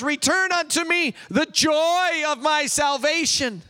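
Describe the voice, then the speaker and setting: High, bright-voiced male preacher in an echoing hall. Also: unhurried. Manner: exuberant preaching, bursts into yelling; leads congregation call-and-response. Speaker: pastor. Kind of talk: sermon. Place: church sanctuary.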